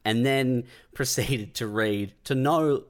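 A man's voice: medium pitch, takes it slowly. Laid-back man, stammering storyteller. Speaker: podcast co-host and stand-up comedian. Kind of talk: casual comedy podcast banter.

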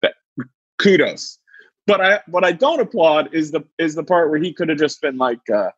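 A podcast co-host in his thirties tells a story in casual chat, his husky voice jumping up as he acts out other people's lines. The sound is dry and a little dull. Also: moderate pace, dry recording. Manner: animated, acts out quotes in high voices.

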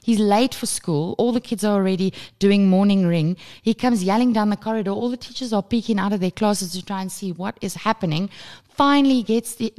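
A woman in her thirties co-hosting a casual parenting podcast, telling a story with lively acted-out moments and plenty of swearing. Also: mid-range voice. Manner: animated storytelling, acts out screaming child, swears freely. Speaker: podcast co-host. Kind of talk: casual chat.

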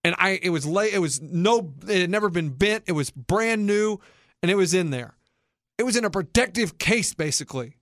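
A man in his thirties with a notably high voice spins a childhood story with lots of energy, jumping into the voices of the people in it. The sound is close and dry, with no room around it. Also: moderate pace, no room sound. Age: 30s. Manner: animated, acts out quoted voices. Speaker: podcast host. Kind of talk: casual storytelling chat.

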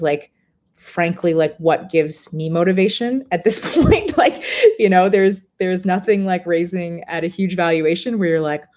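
A woman's voice: deep voice, darkish tone. A woman founder talking candidly in a live video interview from a hotel room, laughing often and restarting her sentences. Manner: many fillers and restarts. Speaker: startup founder.

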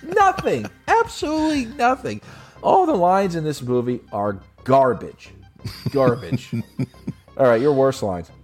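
A man's voice: mid-range voice, sing-song, slow, a little mellow. A man co-hosting a casual film review chat, blunt and mocking, swearing freely. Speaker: podcast co-host. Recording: faint synth music behind.

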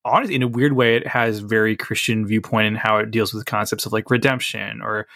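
A man co-hosting a podcast in casual chat, thoughtful, with many fillers, slowing down to make a point. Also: fairly low pitch, fairly even intonation, gravelly, a bit bright, dry recording, clean studio sound. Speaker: podcast co-host.

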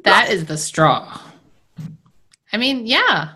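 A woman's voice: mid-range voice, sing-song, slow pace, pushed and bright, husky. Chatty woman hosting a podcast. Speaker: podcast host. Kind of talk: casual chat. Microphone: Instagram live stream.

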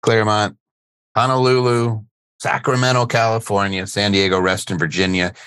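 Deep-voiced joking male podcast host. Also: fairly even intonation, normal speed, a bit bright, clear, resonant tone, no echo. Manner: jokey, laughs easily, rambling. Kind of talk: casual live webinar chat. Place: studio.

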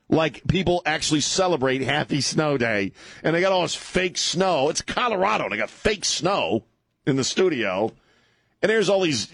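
A middle-aged man hosting a talk radio show, ranting sarcastically and slipping into mocking high voices. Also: sing-song, moderate pace, a bit bright, dry recording.

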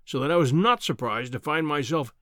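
A man voicing a pompous, booming older professor who lectures in a condescending, imperious way in an audiobook reading. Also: expressive, a little fast, pushed and bright, no room sound, clean studio sound. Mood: lecturing.

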